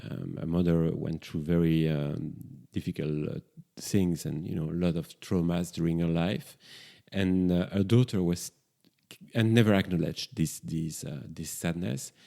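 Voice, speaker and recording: Male therapist, low creaky voice, reflective monologue with frequent pauses and fillers. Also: steady tone, warm tone. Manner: halting, searching for words with many fillers.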